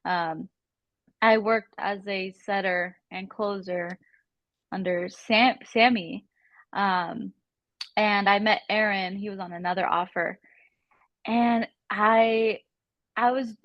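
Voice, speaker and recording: A woman's voice: mid-range voice, steady tone, slow pace, long pauses, dry recording, highs cut off. A woman telling her sales story in a modest, giggly manner, with lots of fillers. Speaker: sales closer, podcast guest. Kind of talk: casual storytelling.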